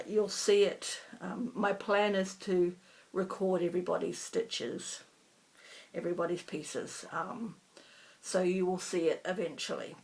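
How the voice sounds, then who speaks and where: Middle-aged woman, chatty crafting vlogger, low and gravelly, rambles warmly at her own expense. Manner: chatty, rambling, self-deprecating. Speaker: cross-stitch vlogger. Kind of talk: casual chat.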